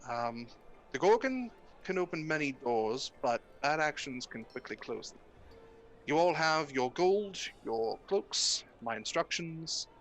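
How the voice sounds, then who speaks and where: A man's voice: fairly high pitch, big pitch swings, measured pace, a bit bright. A man voicing a formal, courteous noble patriarch in a tabletop game, polite and stammering when shaken. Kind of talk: tabletop game role-play.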